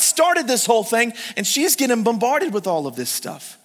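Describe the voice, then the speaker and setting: A middle-aged male pastor preaching a sermon, swinging from loud urgent calls to hushed, intimate pleading as he tells stories and speaks straight to the congregation. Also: extremely high pitch, big pitch swings, normal speed, hardly any pauses. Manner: storytelling, addresses the congregation directly. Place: church sanctuary. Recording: long hall reverb.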